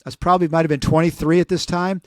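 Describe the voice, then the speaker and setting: Brief higher-voiced man in his 60s, rambling anecdotes. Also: racing, dry recording, studio quality. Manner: rambling, animated, acts out quoted voices. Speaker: podcast co-host. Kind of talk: casual storytelling.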